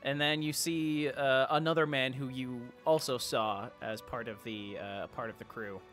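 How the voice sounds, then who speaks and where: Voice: mid-range voice, fairly even intonation, normal speed, a bit bright, faint music behind. A game master narrating a tabletop game in a rambling way, with many fillers and restarts.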